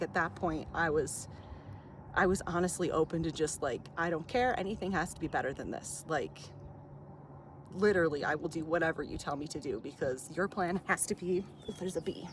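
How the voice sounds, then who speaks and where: A woman's voice: low voice, fairly quick, slight background noise. A woman vlogger telling a personal story outdoors in a chatty way, full of fillers, frequent laughs and swearing.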